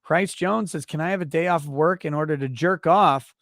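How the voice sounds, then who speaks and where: A man hosting a casual livestream, reading out viewer messages and answering them bluntly, with plenty of swearing. His voice sits a little high for a man. The sound is dry and close, with almost no room echo. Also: normal speed, fairly bright tone. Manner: blunt, profane, offhand replies. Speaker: livestream host.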